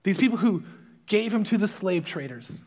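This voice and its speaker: A man preaching a sermon, retelling a Bible story as an animated storyteller who acts out the characters' lines. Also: high voice, normal speed. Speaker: pastor.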